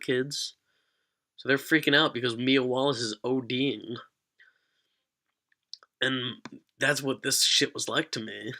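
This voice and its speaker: A man's voice: mid-range voice, sharp tone. A young man vlogger telling a rambling, profane story in a casual storytelling vlog.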